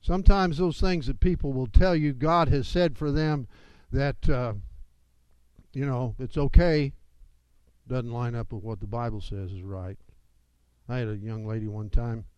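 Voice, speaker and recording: A man's voice: medium pitch, unhurried, darkish tone, clear, resonant tone, dry recording, lo-fi sound. A man preaching a sermon as pastor, with emphatic delivery that rises and falls.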